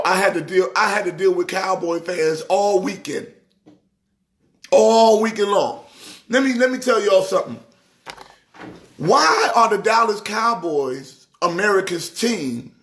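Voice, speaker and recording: A middle-aged New Yorker who is a church organist hosts a casual sports live stream in a high voice, animatedly teasing viewers. At times he falls into the cadence of a preacher's exhortation.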